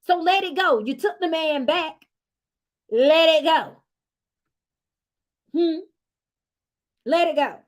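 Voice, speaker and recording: Sassy animated woman recapping reality TV. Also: high voice, takes it slowly, pauses often. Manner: sassy, animated, speaks straight to viewers with "honey" and "baby girl". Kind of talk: casual recap vlog.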